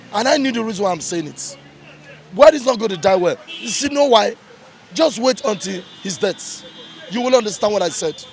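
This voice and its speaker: A man's voice: high voice, vocal fry. A man with a Nigerian accent giving angry street commentary, heated and repetitive for emphasis. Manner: heated, ranting, repeats points for emphasis. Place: outdoors in a busy urban street.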